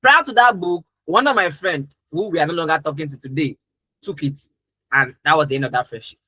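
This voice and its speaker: A man's voice: fairly high pitch, fairly quick, sharp tone, dry recording, poor audio. A young adult man, a trainer, telling a personal story in an earnest, emphatic way during a live training talk.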